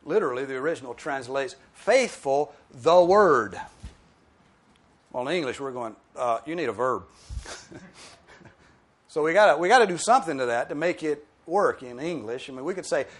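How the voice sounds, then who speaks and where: A man's voice: mid-range voice, a little fast. A man preaching an expository sermon, explaining a verse and acting out objectors' voices. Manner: animated, emphatic, mimics objectors in quoted asides.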